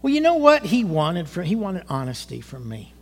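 Older male pastor in his sixties, high voice, conversational testimony-style sermon in a reverberant church sanctuary. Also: wildly swooping pitch, normal speed. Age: 60s. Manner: conversational, rising to emotional outbursts, asks the congregation questions. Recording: long hall reverb.

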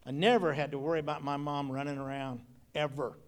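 A man's voice: on the high side, steady tone, brisk. A middle-aged man preaching a sermon, telling folksy stories from his own childhood and often repeating phrases for emphasis. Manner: folksy storytelling with personal memories and repeated phrases. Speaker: pastor.

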